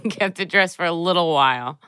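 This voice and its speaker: A woman in casual chat, telling an embarrassing story with laughs and loud acted-out quotes of herself. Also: fairly low pitch, brisk, clean tone, no room sound, clean studio sound. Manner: laughs through an embarrassing story, acts out her own quotes loudly.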